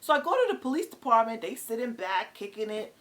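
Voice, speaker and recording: Animated middle-aged woman. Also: a little high. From New York City. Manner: animated, exasperated, halting with many fillers. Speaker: vlogger. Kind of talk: casual storytelling rant.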